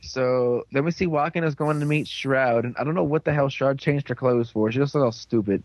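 A man's voice: mid-range voice, a little fast, darkish tone, no echo, rough recording. A man chatting casually, retelling a TV episode in a rambling way and slipping into characters' lines. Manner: rambling, dips into quoted voices. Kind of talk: casual chat, recapping a TV episode.

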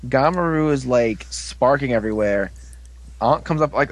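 A man casually recapping a TV episode, rambling with lots of "like"s and quick asides. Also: medium pitch, lively intonation, no echo. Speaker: show recapper.

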